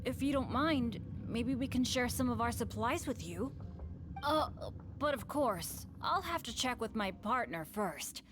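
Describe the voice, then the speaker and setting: A woman's voice: on the high side, animated, a little slow, noisy background. A woman voicing a cheerful, apologetic teenage boy adventurer in a game. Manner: upbeat, apologetic. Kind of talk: game voice acting.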